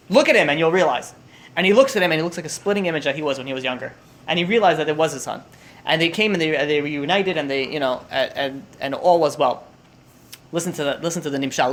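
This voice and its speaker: Fast, animated man telling a parable. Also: a little high. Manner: animated, acts out quotes, many restarts. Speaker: teacher telling stories. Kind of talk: storytelling lesson.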